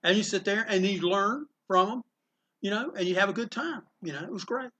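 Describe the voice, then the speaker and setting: A man's voice: sits high, brisk, dull audio. A middle-aged man from North Carolina, a comic shop owner, telling anecdotes in a casual interview and acting out the quotes. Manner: animated anecdotes with acted-out quotes. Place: inside his comic shop.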